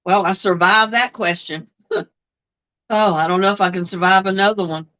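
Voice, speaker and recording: A woman's voice: mid-range voice, fairly even intonation, normal speed, bright, forceful tone. An older woman, chatting as host of a live-streamed trivia session, reading questions aloud and answering viewers' comments. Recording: dull lo-fi stream audio.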